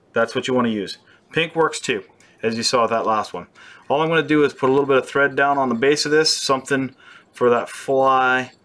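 A man's voice: medium pitch, a bit bright. A young man hosting a fly-tying show, who keeps it casual and makes playful, self-mocking jokes as he works. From British Columbia, Canada. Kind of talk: casual joking tutorial.

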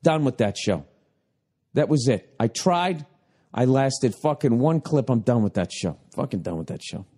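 A man in his forties from the United States, a comedian hosting a podcast, ranting with exasperation, swearing heavily and yelling at times. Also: mid-range voice, expressive, moderate pace, breathy edge. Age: 40s. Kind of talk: profane comic rant.

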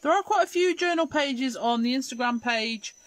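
A high, expressive voice belongs to this middle-aged Scottish craft host with an English accent, who talks at normal speed. She chats during a live crafting demonstration, answering viewers' comments while she works. There's no echo.

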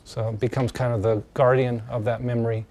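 A man's voice: mid-range voice, little pitch movement, brisk, a little mellow. A male teacher giving a casual classroom lecture, talking in a loose, conversational way with many fillers and restarts.

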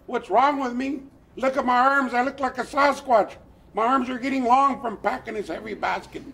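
A man's voice: very high voice, fairly even intonation, normal speed, gravelly, a bit bright, breathy edge, pitched above the performer's own voice, heavily acted. An older man voicing a lost, hungry young girl who whines and complains, in a storytelling tale. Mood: whining. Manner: whining, crying out.

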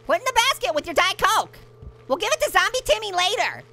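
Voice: extremely high pitch, big pitch swings, fast, gravelly, sharp tone, exaggerated voice. A performer voicing a hyper, cheeky male talking orange who giggles, makes puns and chatters nonstop while playing a game. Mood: playful. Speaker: game player. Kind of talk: cartoon character let's-play commentary.

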